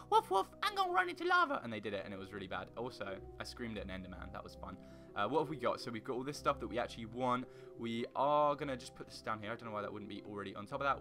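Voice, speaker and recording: A young man chatters through his block-building game in a rambling, goofy way, his voice bright and forward. Faint guitar music plays softly underneath. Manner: rambling, goofy, bursts into loud high singing and silly noises. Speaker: gaming YouTuber. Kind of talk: casual Minecraft let's play commentary.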